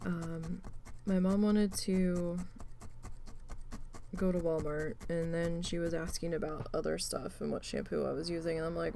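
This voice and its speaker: Rambling woman with a gravelly voice. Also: on the low side, measured pace, pauses often, a little hiss or hum. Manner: rambling, animated, swears freely, many fillers. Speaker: crafting channel host. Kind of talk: casual storytelling while crafting.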